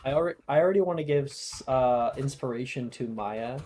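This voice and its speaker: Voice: mid-range voice, moderate pace, warm tone, slight background noise. A game master running a tabletop game and praising players casually.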